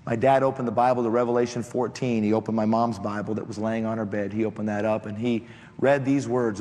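A man preaching a sermon built on a personal testimony, telling the story in an impassioned way that climbs into shouted appeals. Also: on the low side, flat delivery, fast talker. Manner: impassioned, rising to shouted exhortation. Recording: echoey hall, faint background noise.

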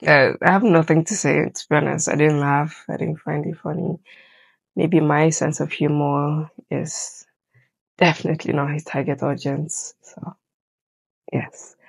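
A woman giving casual reaction commentary in a hesitant, unimpressed way. Her voice is husky with a gravelly fry, and she speaks slowly. The sound is dry and close. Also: low-pitched, level tone, no room sound, rough recording. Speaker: reaction video host.

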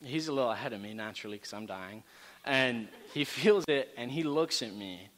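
A man telling a story in a casual, animated way to a campus gathering, with lots of fillers and asides. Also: medium pitch, brisk. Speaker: campus ministry speaker. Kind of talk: storytelling sermon talk. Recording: reverberant hall.

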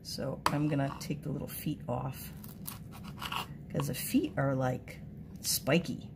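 A woman hosting a home and garden vlog, chatting casually and excitably while she cooks in her home kitchen. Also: extremely low pitch, takes it slowly, creaky, heavy background noise. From United States. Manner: chatty, excitable, lots of exclamations.

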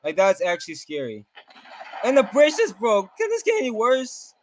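A man's voice: sits high, huge pitch swings, moderate pace, a little hiss or hum. A man giving jumpy gameplay commentary, exclaiming often and reading game text aloud. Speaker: game streamer.

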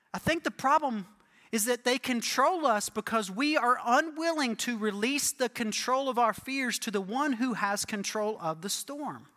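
A male pastor preaching a sermon with animated storytelling, often asking listeners "right?". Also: very high voice, long reverb tail.

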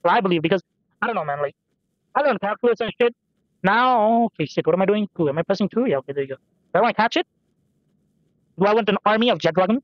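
Young man, high-pitched, musing let's-play chatter, casual swearing, dull lo-fi dry mic. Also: expressive, fast talker, pauses often, no room sound. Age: young adult. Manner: musing, self-deprecating, swears casually, says man a lot. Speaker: gameplay commentator. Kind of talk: rambling let's-play commentary.

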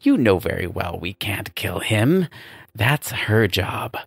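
A man reads as a boastful demon boss, full of his own importance. The voice is low, rough and husky, stretching out each word as he lectures his underling from a storybook. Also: big pitch swings, no room sound, faint music behind, exaggerated voice. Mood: pompous. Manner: grandiose, condescending, drawn-out. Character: pompous, self-praising older male demon boss.

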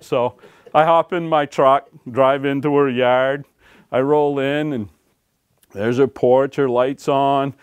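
Man, former game warden, folksy storyteller, animated retelling, mid-pitched voice, dry close sound. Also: takes it slowly, clear, resonant tone, dry recording. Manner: folksy, animated storytelling with laughs and acted-out quotes. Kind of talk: storytelling talk to an audience. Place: library talk room.

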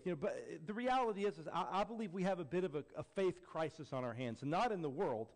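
A man preaching a sermon as a pastor, building to emphatic peaks and then dropping low and quiet. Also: animated, fast talker. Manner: acts out quoted voices with jokey flair.

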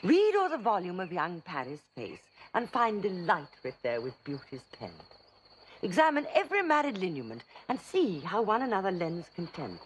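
A commanding noble mother in classical verse. Her voice is low-set but swings widely in pitch as she declaims each line with formal, measured weight. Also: wildly swooping pitch, slight background noise. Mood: stately.

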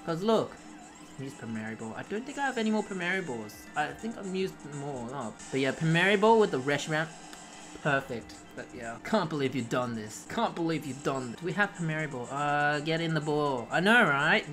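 A woman streaming a video game, chatting casually with her viewers, pleading with the game and bursting into excited shouts. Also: low voice. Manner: chatty, greets and answers chat, pleads with the game. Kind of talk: casual live-stream commentary while playing.

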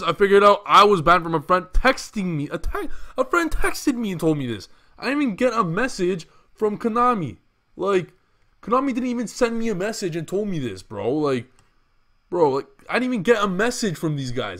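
A man's voice: fairly high pitch, sing-song, a little fast, sharp tone, dry recording. A young man hosting his gaming channel, ranting indignantly and repeating himself in a vlog to camera. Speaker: YouTube gaming channel host.

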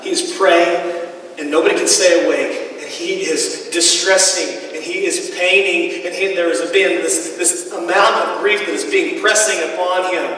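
A man's voice: a little high, fairly bright tone, a little hiss or hum. Man preaching in an echoey hall. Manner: conversational storytelling with halting restarts. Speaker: pastor. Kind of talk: sermon. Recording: echoey hall, mic far off.

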